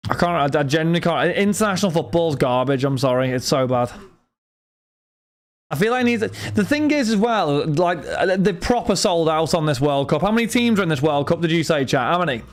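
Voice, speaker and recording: Scouse young man, card break streamer, rambling casual chat, slightly high voice. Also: expressive, a little fast. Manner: rambling, chatty, talks to chat and friends.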